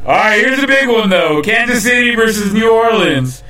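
A man's voice: sits high, lively intonation, moderate pace, bright, forceful tone. A man hosting a live podcast, casually running through game picks and calling on his cohosts in a loose, joking way. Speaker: podcast host. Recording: echoey room, mic at a distance.

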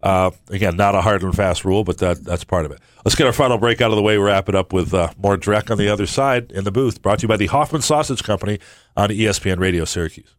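Low-voiced male sports radio host. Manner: halting, many fillers and restarts. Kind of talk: casual sports radio chat. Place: radio studio. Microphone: studio mic.

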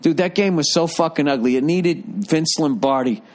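A man's voice: fairly high pitch, moderate pace, darkish tone. An older man ranting in a rambling, profane, exasperated way, like a commentator. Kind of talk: profane comedic rant.

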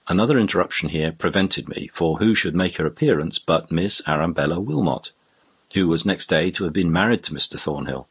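A male audiobook narrator reading a classic novel in a measured, storytelling way. His voice is very deep and husky. The pacing stays even and unhurried throughout. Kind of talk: scripted narration.

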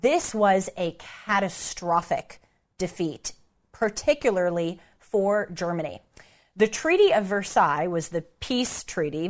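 An American woman hosting a casual talk to camera about travel and history, speaking in a chatty, conversational way with lively emphasis. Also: on the low side. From United States. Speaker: host.

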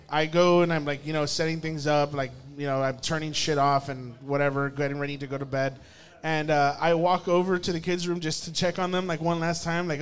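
Animated, laughing, foul-mouthed young man. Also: on the high side, clean tone. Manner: animated, swearing, laughing often, many restarts. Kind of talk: casual storytelling.

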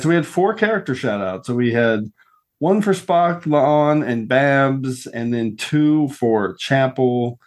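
A man's voice: mid-range voice, a little mellow. A man hosting a podcast panel, enthusiastically running through picks and stats in casual chat. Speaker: podcast host.

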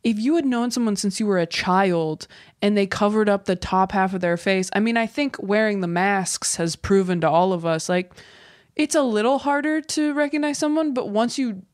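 A woman co-hosting a casual chat, animated and quick to give her opinion, with a lot of "like" in her speech. Her voice sits at an average pitch. The sound is dry and close. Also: dry recording. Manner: animated and opinionated, heavy use of "like". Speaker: podcast co-host.

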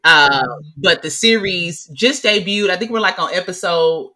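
Bright, animated woman co-hosting a podcast. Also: fairly low pitch, measured pace. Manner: animated, swearing, loud exclamations. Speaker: podcast co-host. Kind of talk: casual chat.

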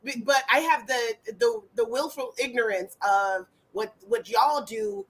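A woman's voice: on the high side, unhurried, husky, poor audio. A woman co-hosting a podcast, blunt and profane, laughing often in casual chat. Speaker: podcast co-host.

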